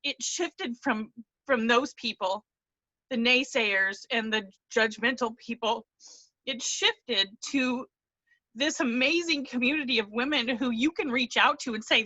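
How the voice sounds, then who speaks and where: Close to tears and earnest, this team member tells her story on a video call, rambling with frequent restarts in an emotional testimonial. Her voice is a little high and a little slow, pushed and bright. The recording is muffled with no echo.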